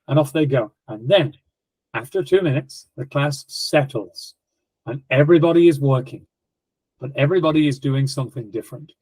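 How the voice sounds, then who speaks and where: A middle-aged man speaking as an education guest, telling classroom stories in a lively way and acting out scenes. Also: fairly high pitch, moderate pace, no echo, rough recording. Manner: lively, acts out classroom scenes in quoted voices. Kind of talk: animated storytelling explanation.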